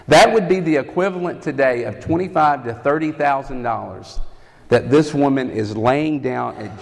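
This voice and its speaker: A man's voice: on the high side, vocal fry. A man preaching a sermon, teaching earnestly and asking his listeners rhetorical questions. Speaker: campus ministry preacher. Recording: long reverb of a hall.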